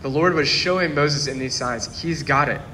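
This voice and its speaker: Bright-voiced man preaching in a reverberant hall. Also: fairly high pitch, moderate pace, slight background noise. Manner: earnest, steady preaching with scripture quotes. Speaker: pastor. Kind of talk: sermon. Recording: long hall reverb, faint ambience.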